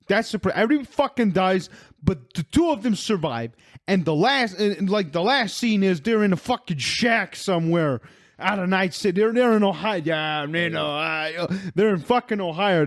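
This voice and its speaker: Excitable young-sounding man, rambling podcast chat. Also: high-pitched, moderate pace. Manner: rambling, excitable, swears a lot, acts out scenes in put-on voices. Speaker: podcast co-host. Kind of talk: casual chat.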